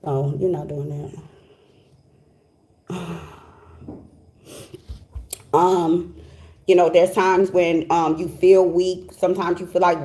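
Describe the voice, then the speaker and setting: Her voice is lowish and mellow, with a flat delivery, a slow pace and long pauses. This middle-aged tarot reader talks in a casual, heartfelt, emphatic way, chatting freely and returning again and again to "okay?" and "you know what I'm saying."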